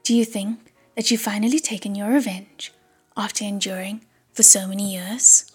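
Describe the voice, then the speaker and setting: A woman's voice: mid-range voice, steady tone, normal speed, faint music behind. A woman voicing a proud, doomed older brother and water god in a whispered role-play. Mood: mocking. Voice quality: breathy whisper.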